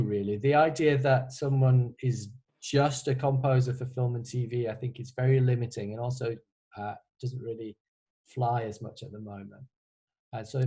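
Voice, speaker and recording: A man's voice: medium pitch, warm tone, rough recording. A man who is a composer, answering student questions on a video call in a casual, hesitant way, with many restarts and a wry humor. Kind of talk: casual online Q&A.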